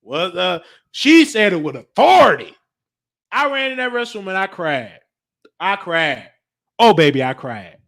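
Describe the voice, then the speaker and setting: A man hosting his show, telling stories in a lively way and acting out the people he quotes. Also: sits high, measured pace, vocal fry, no echo, clean studio sound. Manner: animated, acts out quoted voices. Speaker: show host. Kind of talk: storytelling.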